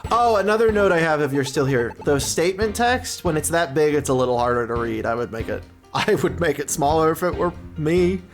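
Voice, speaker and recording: Rambling, lively woman streamer. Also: low-pitched, a little fast, soft background music. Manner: rambling, self-deprecating, trailing off. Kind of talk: casual live-stream chat.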